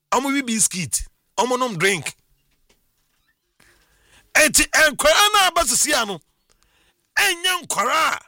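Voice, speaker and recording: High-voiced, bright middle-aged man. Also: no room sound, studio quality. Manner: animated, exclaiming, laughs often. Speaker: storyteller. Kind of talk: casual personal monologue.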